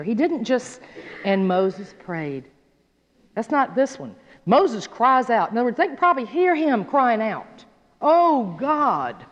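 Lively woman teaching scripture. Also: on the high side. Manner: animated, folksy, asks listeners "okay?". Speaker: Bible teacher. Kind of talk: Bible study teaching. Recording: dull sound in a reverberant hall.

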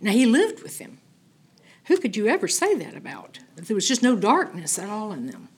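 Husky-voiced woman teaching Bible study. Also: mid-range voice, moderate pace. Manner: animated, emphatic, conversational with frequent "okay?".

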